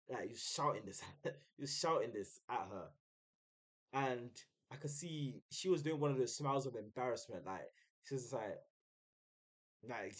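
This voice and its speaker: Young guy, streamer, relaxed slangy storyteller. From United Kingdom. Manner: chatty, uses slang, mimics others in a high voice. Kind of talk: casual storytelling.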